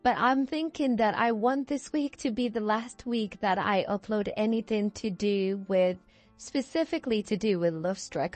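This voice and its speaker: A woman's voice: a little high, darkish tone, no room sound. A woman in her twenties, tired and yawning, recording a chatty, meandering voiceover at home and often correcting herself mid-sentence. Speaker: video creator. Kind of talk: casual rambling voiceover. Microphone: voiceover microphone.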